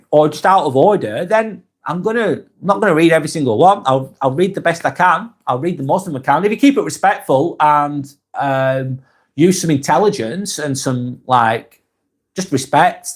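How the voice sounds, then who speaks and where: Speaking in a fairly high voice with a Lancashire English accent, this English live-vlog host seems tired as he chats through viewers' comments. He reads each one out and replies warmly, unhurried and full of ums and false starts.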